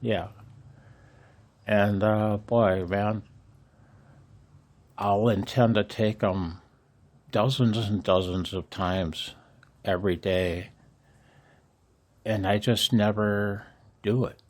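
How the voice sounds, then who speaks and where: An older man in an earnest, halting personal vlog, emotional, with rueful laughs between his words. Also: fairly low pitch, fairly even intonation, a little mellow. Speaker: amateur radio vlogger.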